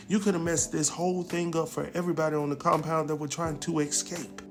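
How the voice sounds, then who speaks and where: A man casually recapping a TV episode, acting out the characters' lines in a lively, slangy way. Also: fairly high pitch, a little fast, faint music behind. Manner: animated storyteller, acts out quotes, slangy. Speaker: TV recap host.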